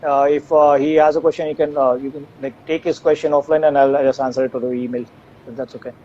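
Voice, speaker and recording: A fast-talking man with a warm, mid-range voice and little pitch movement takes audience questions as a tech company's co-founder. His live Q&A answers are full of fillers and restarts, heard through dull lo-fi stream audio with faint noise.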